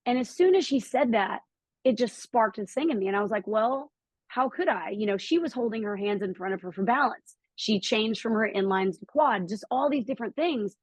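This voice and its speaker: A middle-aged woman telling a personal story as a podcast guest, acting out quotes with lively jumps in her voice. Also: a little fast, breathy edge, no room sound, poor audio. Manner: animated, acts out quotes with lively pitch jumps.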